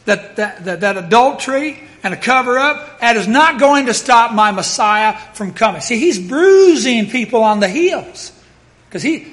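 A man preaching a sermon in a dramatic, emphatic way, swinging between loud declarations and hushed asides. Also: very high-pitched.

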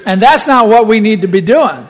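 A man preaching a sermon, telling the story with lively, acted-out voices. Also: sits high, normal speed.

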